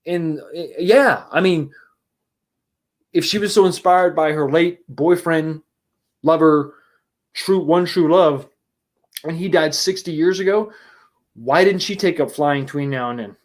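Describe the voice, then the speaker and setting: A man's voice: a little high, a little slow, pauses often. A man giving a casual livestream movie review and answering chat, rambling and exasperated, blunt and profane, with many restarts and rhetorical questions.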